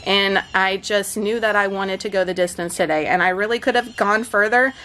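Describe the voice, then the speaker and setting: A woman's voice: medium pitch, normal speed, pushed and bright. A woman in her thirties vlogging from home, chatting straight to her followers in an emotional, effusive way. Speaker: fitness and keto vlogger. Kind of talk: casual vlog chat.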